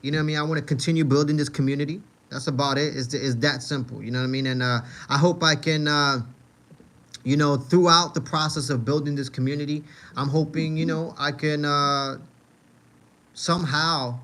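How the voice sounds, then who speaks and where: A man's voice: on the high side, fairly even intonation, fairly quick, a bit bright. A man from Manhattan with a New York accent, hosting a casual livestream and answering chat. He rambles, repeats phrases and keeps saying "you know what I mean.". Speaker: livestream host reading chat.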